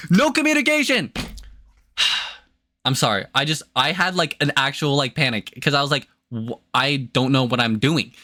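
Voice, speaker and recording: A young man chatting casually on a livestream, rambling and excitable with many restarts. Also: on the high side, moderate pace. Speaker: streamer.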